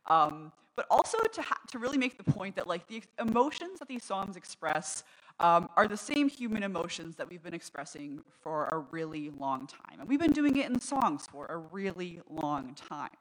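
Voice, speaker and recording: A woman pastor giving a casual sermon to her congregation, running a light quiz game and reading short quotes aloud slowly. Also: fairly low pitch, sing-song, poor audio. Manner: conversational, reads quotes aloud slowly and brightly. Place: church service.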